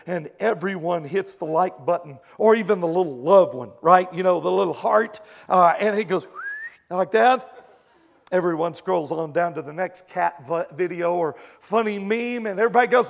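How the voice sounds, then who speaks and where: A male pastor preaching a sermon in an animated way, acting out his listeners' reactions. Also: high voice, moderate pace, creaky.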